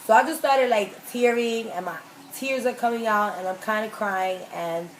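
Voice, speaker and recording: A woman hosting a mukbang, telling a story in a casual, animated, slangy way and acting out the quoted lines. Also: fairly high pitch, normal speed, a little hiss or hum, low-quality recording. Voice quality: animated, emphatic, slangy retelling with acted-out quotes. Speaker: mukbang host. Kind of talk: casual storytelling while eating.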